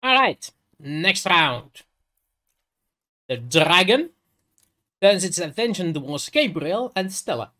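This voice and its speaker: Halting male game master narrating. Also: high-pitched, very animated, bright, forceful tone. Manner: halting, full of fillers and restarts.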